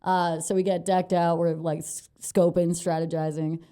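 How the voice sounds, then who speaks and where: A young woman with a mellow, warm tone and a slightly low voice talks through a story on a podcast. She swears freely, laughs easily and keeps the telling lively and loose. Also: moderate pace, clean tone. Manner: animated, profane, laughing storyteller. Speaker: comedian guest.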